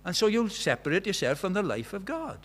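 Animated preacher, man. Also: sits high, fairly quick. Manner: animated, swings from loud exclamations to quiet intimate tones; conversational, uses quoted dialogue and filler words. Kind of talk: sermon.

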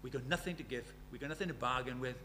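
A man preaching a sermon, pleading with his listeners in a voice that rises to urgent calls and sinks to hushed storytelling. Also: medium pitch, rapid-fire, background noise.

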